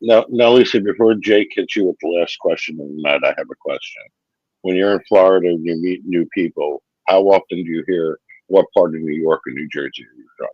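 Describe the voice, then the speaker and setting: Very deep husky teasing man. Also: brisk, no echo, highs cut off. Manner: teasing, joking. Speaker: podcast co-host. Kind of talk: casual interview chat.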